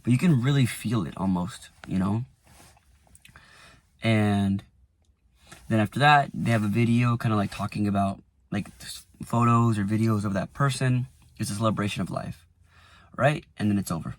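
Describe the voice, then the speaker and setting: A man in his twenties, vlogging casually from inside his car, rambling with lots of fillers and going quiet when a memory moves him. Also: fairly low pitch, normal speed, long pauses. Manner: rambling, lots of "like" and restarts, softens when emotional. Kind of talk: casual reflective vlog.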